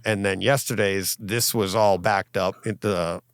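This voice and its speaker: A man's voice: on the low side, fairly even intonation, unhurried, no echo, clean studio sound. A man hosting a casual home podcast, rambling and laughing as he talks. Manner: rambling, self-interrupting, laughs often. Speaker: podcast host. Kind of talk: casual chat. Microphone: home podcast mic, recording his own side.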